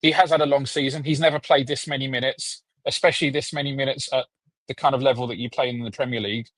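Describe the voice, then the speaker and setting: A man's voice: mid-range voice, steady tone, fast, a bit bright, no echo, poor audio. A man who is a guest on a casual football podcast, speaking hesitantly with many fillers and restarts.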